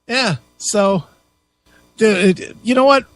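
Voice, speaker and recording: Sardonic male co-host, casual profane banter, notably high voice. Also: extremely slow, soft background music. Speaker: radio show co-host. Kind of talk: casual talk radio banter.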